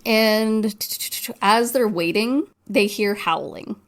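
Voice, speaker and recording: A woman's voice: mid-range voice, unhurried. Chatty woman recapping a horror film. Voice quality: animated retelling with quoted voices. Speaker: podcast co-host. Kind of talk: casual movie recap chat.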